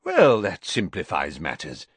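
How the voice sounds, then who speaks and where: A man voicing an elderly male headmaster who speaks in a measured, formal, gently amused way. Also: sits low, huge pitch swings, breathy edge, no room sound, heavily acted. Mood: calm. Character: elderly male headmaster, calm, courteous and wry.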